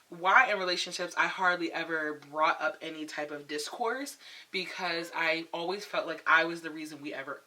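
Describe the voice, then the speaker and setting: Young woman beauty vlogger, chatty and frank, crisp forceful tone. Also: deep voice. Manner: chatty, candid, laughs often. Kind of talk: casual skincare chat.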